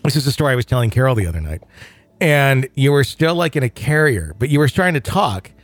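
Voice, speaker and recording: A man's voice: medium pitch, sing-song, quick pace, dry recording. A middle-aged man hosting a podcast, chatty and rambling as he tells stories in casual talk. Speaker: podcast host.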